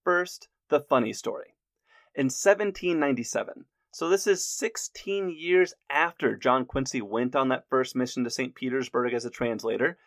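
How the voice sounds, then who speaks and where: A man narrating history from a script, lively with jokey asides. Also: mid-range voice, moderate pace, no room sound, studio quality.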